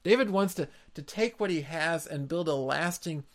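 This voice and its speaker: An earnest male preacher working through a scripture passage. His voice sits a little high for a man and has a gravelly, crackling edge to it. He stresses key words by repeating them. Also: normal speed. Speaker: pastor. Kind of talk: expository sermon.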